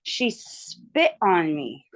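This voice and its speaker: A woman's voice: on the low side, wildly swooping pitch, extremely slow. A tired young woman on a video call, telling a story candidly in casual chat. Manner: candid, storytelling, quotes people in her retelling. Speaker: book club member.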